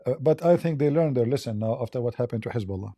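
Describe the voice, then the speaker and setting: A man hosting a live call-in debate, speaking haltingly with repeated words and blunt, probing questions. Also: medium pitch, lively intonation, dark tone. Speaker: debate host.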